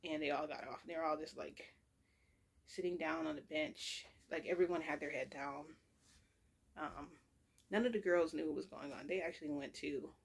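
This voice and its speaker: A woman's voice: low voice, normal speed, creaky, husky. A woman telling a long story in a casual, rambling way, full of asides and self-corrections. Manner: rambling and chatty, with lots of fillers and self-corrections.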